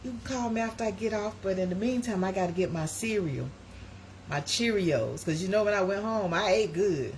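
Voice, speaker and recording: A middle-aged woman with a medium-pitched, fairly quick voice hosts a casual live stream from a noisy home recording. She's chatty and rambling, addressing her viewers as "y'all."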